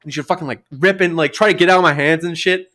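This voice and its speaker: A young man co-hosting a podcast, telling animated, sweary stories about his family. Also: fast talker. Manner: animated, sweary, acts out family members in shrill voices. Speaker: podcast co-host. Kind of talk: casual chat.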